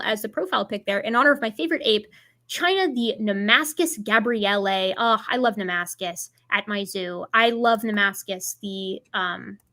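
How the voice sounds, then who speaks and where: A woman hosting a livestream, reading out donations in casual, playful chat with quick chuckling asides. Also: on the high side, fairly bright tone. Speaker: livestream host.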